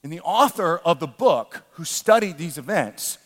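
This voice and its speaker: An animated male pastor delivers a sermon, his voice pitched high for a man. He moves between quiet storytelling and fervent shouting. A long hall reverb trails every phrase. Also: moderate pace.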